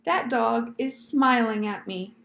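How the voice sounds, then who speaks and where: A gentle, genteel old lady librarian spins her tale with polite little "yes, ma'am"s, as a woman puts her on. Her voice sits a little high, with a gravelly edge. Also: slow pace, a little hiss or hum, exaggerated voice. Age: older. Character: elderly Southern lady librarian, gentle, storytelling.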